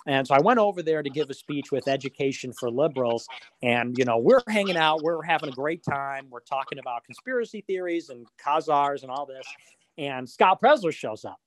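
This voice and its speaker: A man's voice: a little high, animated, brisk. A man hosting a casual podcast chat, rambling and profane, with frequent fillers and mocking asides.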